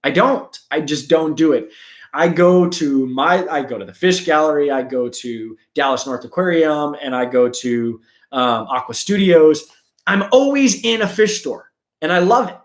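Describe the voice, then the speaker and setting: Animated male host of a live chat stream, lively pitch, echoey room, keeps acting out other people. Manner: animated, acts out quick impressions of sellers and customers.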